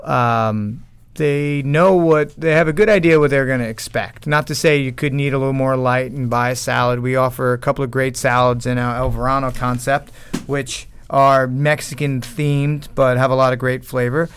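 A man speaks as a restaurant executive guest on a radio show. He answers in a measured, businesslike way and restarts now and then. His voice is smooth and resonant. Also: mid-range voice, fairly even intonation. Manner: measured, businesslike, a bit halting.

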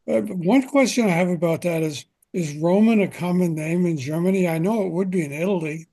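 An older man hosts an interview podcast from his home, his voice sitting a little high. He opens with a measured, scripted welcome, then moves into plain, direct questions for his guest. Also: warm tone. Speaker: podcast host.

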